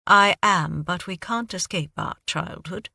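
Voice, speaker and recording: Woman reading a wry, refined British-accented male scholar, bright tone, dry sound. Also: high-pitched, measured pace, vocal fry, no echo, full character voice. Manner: urbane, self-deprecating.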